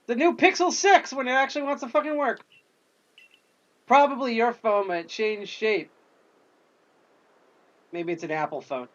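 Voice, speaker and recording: A man's voice: extremely high pitch, normal speed, long pauses, a bit bright, dull audio. Chatty man streaming a game. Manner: jokey, chatty, reacts aloud while playing. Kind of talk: casual gameplay commentary.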